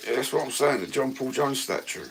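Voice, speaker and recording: A man's voice: mid-range voice, expressive, brisk, slight background noise. A man with a London accent chatting casually with live viewers on his phone, blunt and sweary, full of banter. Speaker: livestream host.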